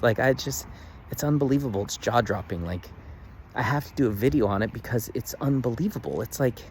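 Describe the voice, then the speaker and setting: A man's voice: lowish voice, a little hiss or hum. Earnest man telling a daily vlog story. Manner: earnest, animated storytelling with many "like" fillers. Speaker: vlogger. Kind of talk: casual daily video diary.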